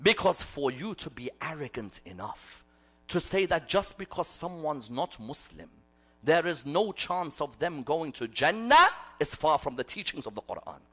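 A man giving a religious sermon in a gathering hall, telling stories dramatically and swinging between loud declarations and hushed asides. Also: on the high side, very animated, moderate pace, slightly rough. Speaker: preacher.

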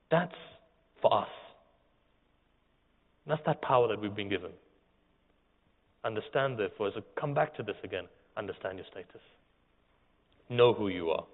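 A man preaching an emotional sermon, telling sacred stories and pressing the listeners with rhetorical questions, his volume swelling and falling to a near hush. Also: lowish voice. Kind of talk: emotional religious sermon storytelling. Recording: tinny phone-like sound in a reverberant hall.

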